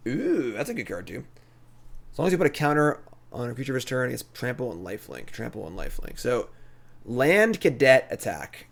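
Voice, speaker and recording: A man streaming a digital card game, thinking aloud in a relaxed, chatty commentary. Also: mid-range voice, fairly quick, gravelly.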